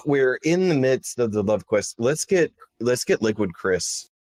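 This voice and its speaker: A man's voice: medium pitch, sing-song, unhurried, a little mellow, no echo. A man co-hosting a podcast, chatting casually and rambling with frequent restarts. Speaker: podcast co-host. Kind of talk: casual chat.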